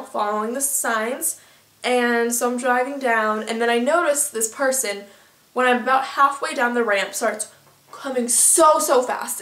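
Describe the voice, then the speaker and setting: A teenage girl vlogger telling a story in a chatty, filler-heavy, animated way. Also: a little high, roomy sound. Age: teens. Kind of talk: casual storytelling.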